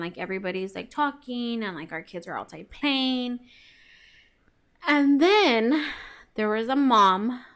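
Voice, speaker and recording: Chatty woman, bright voice. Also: mid-range voice, clear, resonant tone. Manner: chatty, says "like" constantly, swears, acts out quoted lines. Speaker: podcast co-host. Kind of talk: casual storytelling chat.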